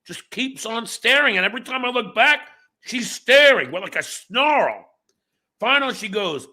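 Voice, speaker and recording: Animated, stammering middle-aged man. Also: sits high, normal speed. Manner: animated, swears often, restarts and stammers. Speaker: livestream host. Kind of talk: political chat and storytelling.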